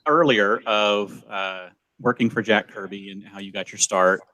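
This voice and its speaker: A male podcast host asking a guest questions in a halting, casual way. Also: fairly low pitch, steady tone, bright, forceful tone, no echo. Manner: halting, with fillers.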